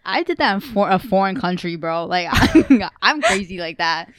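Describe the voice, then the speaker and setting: A woman's voice: mid-range voice, animated, normal speed, no room sound. A woman podcast co-host chatting casually, blunt and joking, swearing freely. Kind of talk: casual chat.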